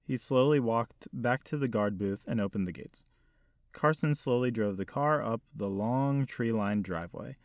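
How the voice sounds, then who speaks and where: A man reading a story aloud in a measured, steady storytelling manner. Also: mid-range voice, no echo, clean studio sound. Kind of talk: scripted narration.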